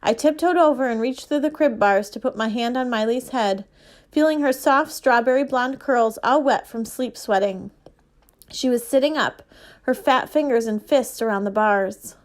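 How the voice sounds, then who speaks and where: A woman, a librarian, reading a children's novel aloud in a steady, expressive way. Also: a little high, normal speed. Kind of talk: storybook reading.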